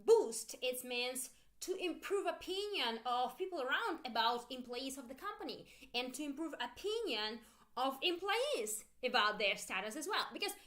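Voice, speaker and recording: A woman's voice: high voice, sing-song, normal speed, a bit bright. A woman whose first language is Russian teaches an online English grammar lesson, repeating phrases for learners to echo.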